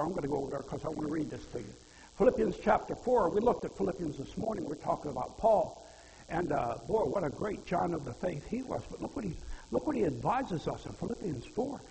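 A man's voice: sits high, animated, moderate pace, vocal fry, a little mellow, a little hiss or hum. A man preaching a sermon in a folksy way, asking the congregation questions and quoting scripture. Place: church hall. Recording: reverberant hall.

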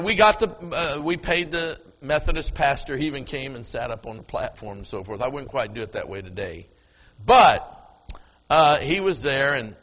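A man's voice: mid-range voice, fairly bright tone, long reverb tail, low-quality recording. An older man preaching a sermon, telling a story from the platform and acting out the dialogue. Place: church platform before congregation.

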